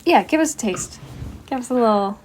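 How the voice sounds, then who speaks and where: A woman's voice: a little high, animated, fairly quick, a little hiss or hum, rough recording. A woman co-hosting a casual podcast, wry and teasing, laughing often as she talks. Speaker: podcast co-host. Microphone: headset.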